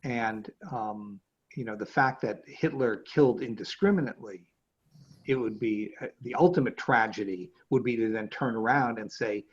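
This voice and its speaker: A man teaching as a rabbi in an easygoing lecture, pausing often with fillers and restarting his phrases. His voice is somewhat husky. The video call audio comes through dull and lo-fi. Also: on the low side. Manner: hesitant, many fillers and restarts. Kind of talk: conversational lecture.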